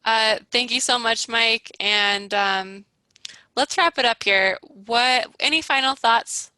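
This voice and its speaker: A woman hosts the interview in an upbeat way. Her voice sits a bit high and comes across bright and forceful. The recording is dry and close. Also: slow pace, dry recording, low-quality recording. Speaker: interview host. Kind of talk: interview questions.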